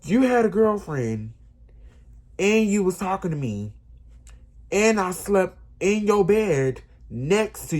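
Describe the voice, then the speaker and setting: A man casually telling a personal story, animated and emphatic, often repeating himself. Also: fairly high pitch. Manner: animated, repetitive, emphatic retelling.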